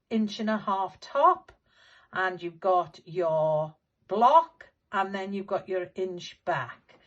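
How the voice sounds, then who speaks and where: Unhurried woman teaching quilting. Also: mid-range voice, highs cut off. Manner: patient, step-by-step instructing. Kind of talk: hands-on sewing demonstration. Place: sewing room at a machine.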